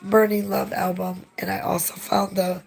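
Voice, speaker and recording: Hoarse woman, heavy vocal fry, mid pitch, dry teasing co-host on a live stream. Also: flat delivery, normal speed, darkish tone, soft background music. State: hoarse, losing her voice. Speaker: channel co-host.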